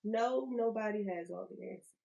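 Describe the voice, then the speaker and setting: A middle-aged woman co-hosting a casual podcast chat, animated and repeating phrases for emphasis. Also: medium pitch, moderate pace, creaky, dull audio. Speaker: podcast co-host.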